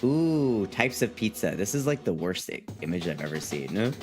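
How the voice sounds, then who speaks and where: A man's voice: on the low side, big pitch swings, moderate pace, over music. A man chatting casually on a live stream, reading chat aloud in a playful, rambling way and repeating himself.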